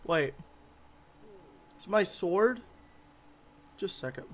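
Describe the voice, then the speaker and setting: A man's voice: sits high, expressive, takes it slowly, fairly bright tone. A man giving gameplay commentary as a gaming YouTuber, grumbling and easily irritated.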